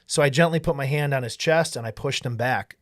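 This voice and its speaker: Male filmmaker, mid pitch, earnest storyteller, dry close mic. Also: brisk, a bit bright, no room sound. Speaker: documentary filmmaker. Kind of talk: casual storytelling conversation.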